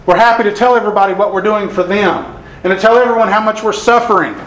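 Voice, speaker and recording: Male preacher, earnest sermon delivery, somewhat high voice, roomy echo. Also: fairly bright tone, slight background noise. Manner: earnest, reads scripture slowly. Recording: echoey room.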